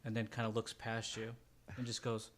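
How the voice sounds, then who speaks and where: A man's voice: fairly low pitch, monotone, normal speed, fairly bright tone, a little hiss or hum. A man running a tabletop role-playing game as game master, narrating scenes and speaking for characters.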